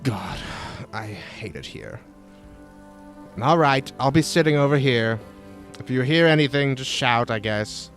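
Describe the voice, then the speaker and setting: A man's voice: medium pitch, lively intonation, a little slow, fairly bright tone, soft background music. A man voicing an irritable, impatient woman commander who complains and swears. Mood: sulky.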